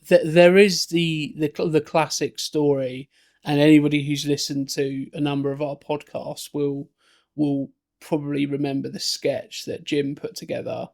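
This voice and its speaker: A man co-hosting a film podcast, rambling along in relaxed chat. His voice sits a touch high and has a gravelly, fry-heavy edge. He keeps circling back with fillers and restarts. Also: normal speed. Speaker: podcast co-host. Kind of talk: casual film discussion.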